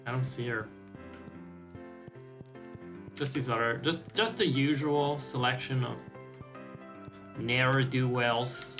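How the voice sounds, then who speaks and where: A man's voice: mid-range voice, takes it slowly, pauses often, music in the background, rough recording. A man streaming a game, casual commentary, wry and profane with rambling asides.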